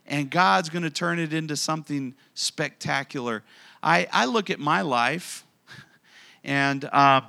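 A pastor delivers an animated sermon in a church, slipping into the voices of people from the stories he tells. His voice sits a little high, with a gravelly fry and a bright, forceful edge. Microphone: handheld or stand mic.

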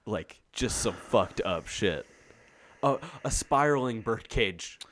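A man co-hosting a podcast, telling stories in animated, slangy, profane banter. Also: fairly low pitch, takes it slowly, a little hiss or hum. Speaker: podcast co-host.

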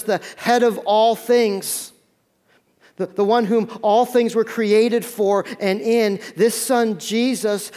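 A man preaching a sermon as pastor, telling a story with sudden loud peaks and hushed stretches, often restarting his words. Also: high voice. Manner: storytelling, swinging from loud urgent peaks to hushed near-whispers.

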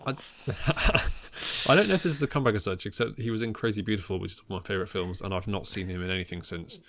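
A man's voice: fairly low pitch, fast talker, fairly bright tone. A man hosting a casual film podcast, talking in a wry way with many ums and chuckles at his own jokes. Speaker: podcast host.

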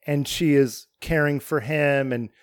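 A man with a somewhat high voice chats casually on a podcast, enthusiastic and swearing without a thought. The sound is dry and close, with no room echo. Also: fairly even intonation, unhurried, clear, resonant tone. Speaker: podcast co-host. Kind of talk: casual chat.

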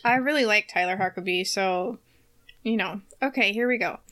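A woman co-hosting a casual chat, laughing often and filling pauses with "like" and "uh". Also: medium pitch, pushed and bright. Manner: giggly, laughs often, filler-heavy. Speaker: podcast co-host.

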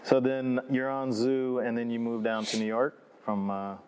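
A man hosting a casual interview, easygoing and quick to laugh, with eager back-channeling. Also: medium pitch, flat delivery, a little mellow, slight background noise. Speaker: podcast host.

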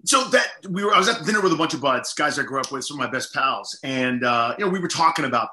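In a casual storytelling interview, a middle-aged comedian guest rambles and pokes fun at himself, peppering his speech with "like" and "you know." He talks fast and expressively in a high-leaning, sharp voice, in an echoey room.

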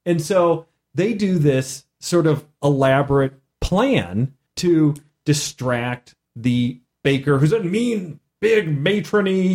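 Animated man telling game stories. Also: fairly high pitch, measured pace. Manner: excitable, laughs often, acts out characters. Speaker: game master and podcast host. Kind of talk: animated storytelling chat.

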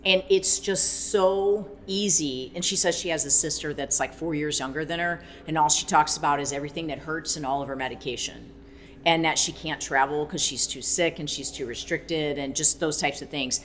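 A woman fitness trainer in a casual faith-based talk, animated and rambling, with many fillers and acted-out quotes. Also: low-pitched, moderate pace, slight background noise. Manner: animated, acts out quoted speech.

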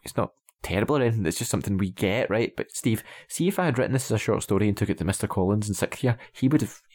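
A man's voice: on the low side, lively intonation, racing, darkish tone. A man in a casual film-critique chat, exasperated and sarcastic, who swears casually and keeps asking "okay?" and "right?". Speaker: podcast co-host.

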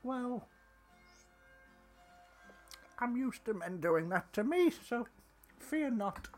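Woman voicing a brusque middle-aged hotel boss, high, animated. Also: measured pace, music in the background. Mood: soft. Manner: brusque, mild British curses.

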